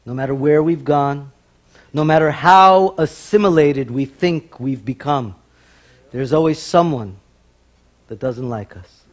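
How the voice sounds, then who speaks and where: A man's voice: a little high, a little slow. A man from the Bronx telling wry comic stories on stage with Yiddish words mixed in. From New York, the Bronx. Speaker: comedian and stage performer. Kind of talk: live stage comedy storytelling. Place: stage in a TV studio before a live audience.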